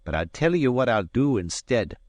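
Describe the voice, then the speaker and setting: A man doing a fierce, roguish Highlander. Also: big pitch swings, normal speed, a little mellow, no room sound. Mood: sly. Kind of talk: audiobook character voice.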